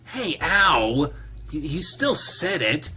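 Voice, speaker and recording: A man's voice: on the high side, very animated, slow, pushed and bright, breathy edge, faint music behind, pitched above the performer's own voice, full character voice. A man doing a prissy, raised lynx guy. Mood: taunting. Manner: prissy, indignant, sing-song. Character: prim, cheerful adult male lynx man. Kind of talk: reading a visual novel aloud.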